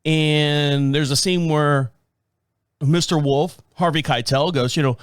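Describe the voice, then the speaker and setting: Middle-aged guy rambling on his podcast, kinda high voice, swears a lot, laughs, dry sound. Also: fairly even intonation, slow, clear, resonant tone, dry recording. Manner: foul-mouthed, laughs often, acts out quotes. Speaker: podcast host. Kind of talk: casual rambling monologue.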